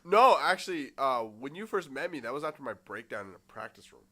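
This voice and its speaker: A man's voice: medium pitch, animated, fairly quick, pushed and bright. A young man chatting casually, telling a rambling story with swearing and quoted voices. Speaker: podcast guest.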